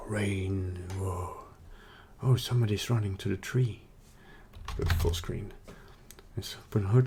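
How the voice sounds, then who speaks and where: A man with a low voice talks through a live stream in a loose, rambling way, full of ums and uhs. Faint music sits behind him. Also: slow pace, gravelly. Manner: relaxed, rambling, full of fillers. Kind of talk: casual live-stream chat and narration.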